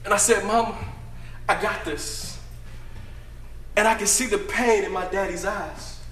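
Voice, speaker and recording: A man's voice: high-pitched, fairly even intonation, measured pace, reverberant. A man playing the brash prodigal son. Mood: boastful. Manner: emphatic, preachy, often shouting. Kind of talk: dramatic first-person monologue to an audience.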